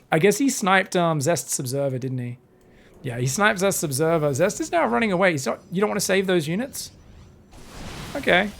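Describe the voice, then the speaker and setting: Young male solo caster calling a pro match; raised pitch, gravelly edge, loose and profane. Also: slight background noise. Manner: animated, swears freely, drifts into rambling stories. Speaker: esports caster. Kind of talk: solo live game commentary.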